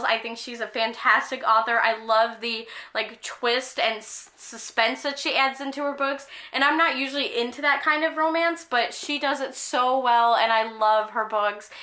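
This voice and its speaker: A young woman talks through her latest book haul in a high, bright voice. She gushes with excitement and scatters "like" through her casual chat. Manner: gushing, enthusiastic, frequent "like" fillers. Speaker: book vlogger.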